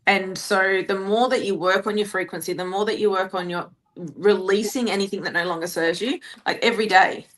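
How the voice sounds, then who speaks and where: A woman's voice: mid-range voice, steady tone, a little fast, a bit bright. A woman coach chatting in a casual podcast conversation, telling stories enthusiastically in spiritual terms. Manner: enthusiastic, storytelling, spiritual wording. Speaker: business and energy coach.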